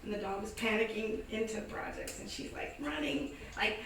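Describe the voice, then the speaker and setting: Animated Southern woman telling a story. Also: a little high, brisk, hardly any pauses. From American South. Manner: animated, acts out voices in her story. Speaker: storyteller at a live event. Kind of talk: casual spoken storytelling. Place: indoor event space. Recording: echoey room, distant mic, some noise.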